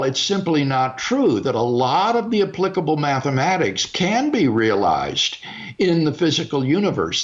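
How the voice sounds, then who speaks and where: A man's voice: fairly high pitch, highs cut off. An older man, a philosopher, explaining a point in a careful, emphatic lecturing way over a video call. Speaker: philosopher guest. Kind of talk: measured academic discussion.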